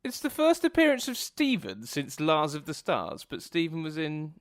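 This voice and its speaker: A man's voice: fairly high pitch, huge pitch swings, no echo, studio quality. A man co-hosting a podcast, chatting casually and swearing now and then. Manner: casual, swears, quick reactions. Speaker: podcast co-host.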